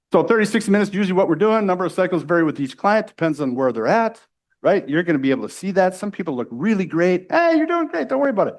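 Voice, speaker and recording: A middle-aged man from the United States giving a live sales training to a room, energetic and pushy, often checking in with the audience. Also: a little high. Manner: energetic, salesy, keeps asking "right?".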